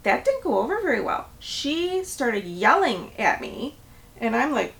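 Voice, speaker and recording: A woman's voice: on the high side, unhurried, vocal fry, far from the mic. A middle-aged woman, a property manager, telling a story in a vlog and acting out the people she quotes. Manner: animated storytelling, acts out quoted voices.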